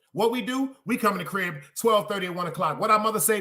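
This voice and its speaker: A man hosting a podcast, preaching loudly and with a lot of swearing, and putting questions to his listeners. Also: high-pitched, animated, quick pace, hardly any pauses. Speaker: podcast host. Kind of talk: casual preaching monologue to a live chat.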